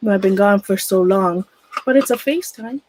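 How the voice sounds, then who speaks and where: A woman's voice: mid-range voice, moderate pace, a little mellow, slight background noise, rough recording. A middle-aged woman streaming live, rambling nervously as she sorts through old things and greets viewers by name. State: nervous and shaky. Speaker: livestreamer. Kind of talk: casual livestream chat while sorting a closet.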